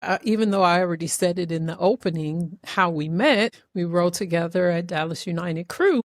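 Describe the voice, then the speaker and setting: A woman hosting a podcast, telling a story in an animated, emotional way with many restarts. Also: lowish voice, moderate pace, no echo, clean studio sound. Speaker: podcast host. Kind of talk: casual interview chat.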